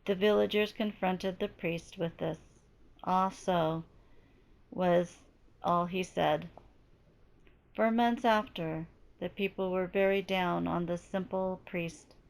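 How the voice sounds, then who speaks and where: A woman giving a slow, deliberate spiritual teaching while she is losing her voice. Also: fairly low pitch, fairly even intonation, gravelly, darkish tone. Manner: slow, deliberate, measured delivery. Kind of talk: slow reflective spoken teaching.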